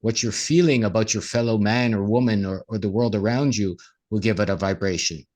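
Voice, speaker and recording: Earnest low-voiced man, motivational chat. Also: a little fast, darkish tone. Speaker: co-host. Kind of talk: casual conversation.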